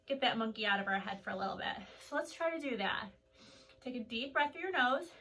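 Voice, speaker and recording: A young woman teaching a kids' yoga class, playful and animated, telling stories between poses. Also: sits high. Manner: animated, playful, drops to soft calm voice for mantras. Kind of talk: children's yoga class with storytelling. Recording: voice from a distance off the mic.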